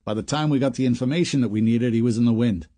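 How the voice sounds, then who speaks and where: A man's voice: mid-range voice, fast, warm tone, dry recording, close to an everyday voice. A man voicing a casual, chatty male FBI agent with a Boston accent in an audiobook.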